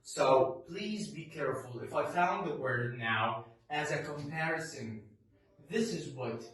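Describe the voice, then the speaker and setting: A man's voice: on the high side, fairly bright tone, heavy reverb, far from the mic, rough recording. Egyptian man teaching English sounds. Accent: Egyptian Arabic. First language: Arabic. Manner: drawn-out, emphatic model words, asks and answers himself. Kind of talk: pronunciation lesson.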